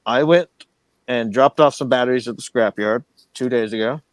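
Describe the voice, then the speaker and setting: A man co-hosting a podcast, ranting fast and swearing in casual banter. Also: medium pitch, dry recording. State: angry. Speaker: podcast co-host.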